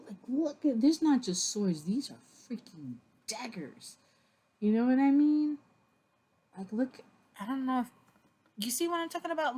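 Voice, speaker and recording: A woman giving a casual tarot reading to camera, chatty and expressive, with a loose delivery full of fillers, who laughs and swears when something surprises her. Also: medium pitch. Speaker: tarot reader.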